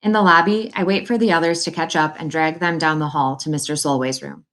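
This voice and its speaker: A woman narrates a novel aloud in the first person, telling the story in an earnest, quick way. Her voice sits a little low for a woman. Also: fairly even intonation, a bit bright. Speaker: audiobook narrator.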